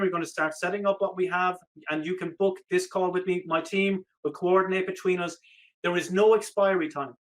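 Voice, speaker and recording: A man giving an energetic, persuasive sales pitch on a live webinar, repeating the offer, his voice slightly hoarse. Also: rough recording. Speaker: online business coach.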